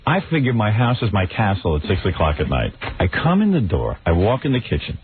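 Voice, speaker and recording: Man, radio host, fast comic storytelling, acts out quotes, lively pitch, tinny broadcast sound. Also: a little hiss or hum. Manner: animated, acts out quotes in raised voice.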